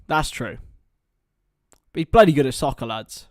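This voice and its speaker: A young British man hosting a live football watchalong, mixing excitable play-by-play with rambling banter. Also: mid-range voice, moderate pace, no echo, clean studio sound. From Britain. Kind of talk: casual live match commentary and chat.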